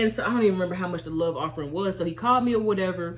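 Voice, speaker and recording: An Army veteran in her thirties tells a storytime vlog at a rapid-fire clip with a fairly low pitch. She is animated and expressive, acting out her own reactions.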